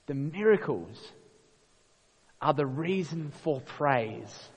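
A man preaching a sermon, expressive and full of rhetorical questions. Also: fairly high pitch, slow, long pauses, husky. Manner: expressive, rhetorical questions, acts out quoted voices. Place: church. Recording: long reverb of a church hall.

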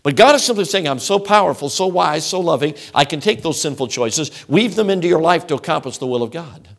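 A middle-aged man preaching with a fairly high voice that leaps up and drops low. He hammers home his points in rhythmic, repeated phrases. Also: animated, fairly quick. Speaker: traveling preacher. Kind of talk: sermon.

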